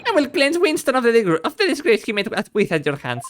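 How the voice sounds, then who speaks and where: A man voicing a smug, pompous male prosecutor with a sneering, drawn-out delivery. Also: very high voice, huge pitch swings, slight background noise, pitched above the performer's own voice, full character voice.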